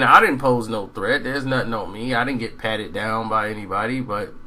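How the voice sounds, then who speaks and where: A man telling a rambling, animated story in casual monologue, acting out quoted dialogue. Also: on the high side, rough recording.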